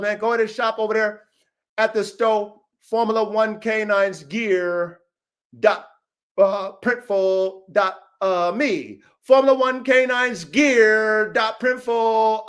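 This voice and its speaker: A man's voice: high-pitched, fairly even intonation, slow, a bit bright. A man hosting his own dog-training channel, talking in a brash, taunting, profane livestream rant, tacking "man" onto nearly every line.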